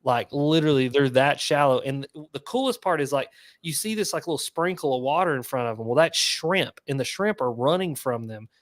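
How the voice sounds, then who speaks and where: A man talking in a relaxed podcast chat and getting excited as he tells his fishing stories. He keeps dropping "like" fillers, and his voice sits at an ordinary pitch. The sound is close and dry, with no room around it. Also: fairly quick, no echo. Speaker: guest angler.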